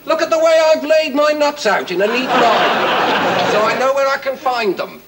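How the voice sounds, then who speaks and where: An actor playing a prim, moralizing English gentleman, pompous and preachy, in a 1970s TV sketch. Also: very high-pitched, animated, moderate pace, over a noisy crowd, heavy background noise.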